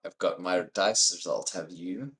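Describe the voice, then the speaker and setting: A man's voice: deep voice, measured pace, a bit bright. A man running a tabletop game as game master, calling for rolls and narrating the scene.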